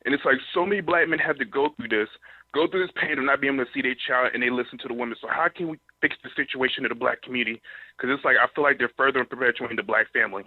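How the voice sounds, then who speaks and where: A man's voice: mid-range voice, racing, husky, no room sound. A man, from North Carolina, calling in to a talk show and speaking hesitantly, with many fillers. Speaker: caller. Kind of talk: phone-in question. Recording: tinny phone line.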